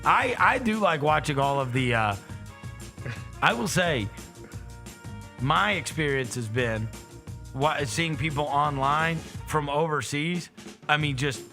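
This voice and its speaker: A man hosting a casual sports talk show, teasing his co-hosts and acting out quotes in an animated way. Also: a little high, slow, pauses often, faint music behind. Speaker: host.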